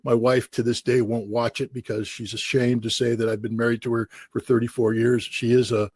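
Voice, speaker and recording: A man in his sixties from the United States, telling lively anecdotes as an interview guest, acting out quoted voices. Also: mid-range voice, a little fast, slightly rough, dry recording. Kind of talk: storytelling in an interview.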